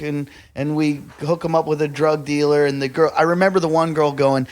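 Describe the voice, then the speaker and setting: A man hosts a podcast and tells a story from a night out in a lively, anecdotal way, breaking into laughs along the way. His voice sits a little high for a man. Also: a little fast, hardly any pauses. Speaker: podcast host. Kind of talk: casual podcast chat, storytelling.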